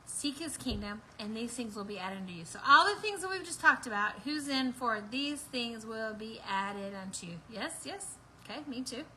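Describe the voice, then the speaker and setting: A woman's voice: fairly high pitch, sharp tone, a little hiss or hum, rough recording. A woman hosting a live online prayer meeting, bubbly and laughing as she preaches and talks straight to her viewers. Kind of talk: excited livestream preaching and chat.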